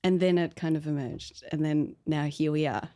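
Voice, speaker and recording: A woman's voice: low voice, fairly even intonation, normal speed, dark tone. A woman, the founder of a podcast, chatting casually about her story in a rambling way full of fillers. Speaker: podcast founder being interviewed.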